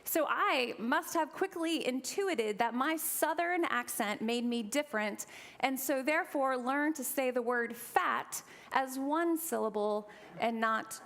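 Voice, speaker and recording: A woman's voice: a little high, vocal fry, fairly bright tone. A woman from Eastern Kentucky preaching a sermon as minister, conversational and with humorous asides to the congregation.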